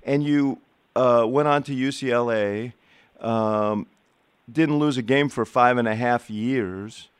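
Male podcast host, clear and smooth voice, halting conversational questions, dry sound. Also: mid-range voice, dry recording. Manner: hesitant questions, many fillers, laughs along. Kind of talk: conversational interview.

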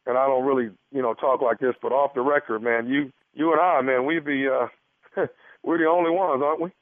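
A man's voice: mid-range voice, steady tone, fairly quick, no room sound, close to an everyday voice. A man pranking as an awkward male doctor, stammering and hesitant on a phone call. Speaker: prank caller. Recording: tinny phone line.

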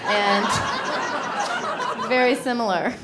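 A woman from Illinois performing a sardonic stand-up set with quick punchlines. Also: mid-range voice. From Illinois, USA. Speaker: stand-up comedian. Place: comedy club stage with live audience. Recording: live club recording with crowd laughter and noise.

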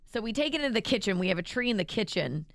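Woman, thirties, radio co-host, gravelly, dry close sound, animated storytelling. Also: medium pitch, very fast, no echo. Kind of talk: casual radio banter.

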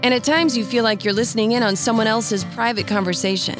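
A woman hosting a radio music feature, reading scripted narration in a measured, explanatory storytelling manner. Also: on the high side, steady tone. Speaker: radio host.

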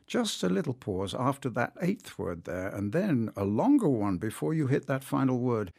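A man who narrates audiobooks, talking in an interview as an enthusiastic, animated storyteller. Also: mid-range voice, normal speed, creaky, hardly any pauses, no echo, clean studio sound. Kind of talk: interview conversation.

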